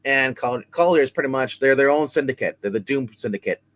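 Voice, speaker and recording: A man's voice: medium pitch, brisk, a bit bright. A man hosting a live comic book review, recapping plots casually with many fillers and restarts.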